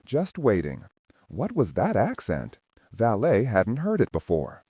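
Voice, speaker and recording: A man narrates a thriller audiobook in a low, dark voice. His pitch moves widely as he tells the story in a measured way. The sound is dry and close. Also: huge pitch swings, husky, no echo. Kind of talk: scripted narration.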